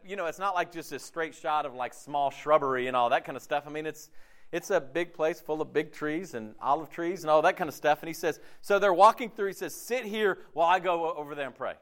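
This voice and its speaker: A man preaching a casual, jokey sermon, acting out quotes with lively swings in his voice. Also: a little high. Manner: animated, jokey, acts out quotes. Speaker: pastor.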